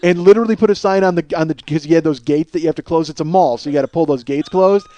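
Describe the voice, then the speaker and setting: Late at night in his home studio, a podcast host rattles off a long, meandering story, swearing freely and leaning on filler words. His voice is fairly high and dark in tone, delivered rapid-fire, with no room sound at all.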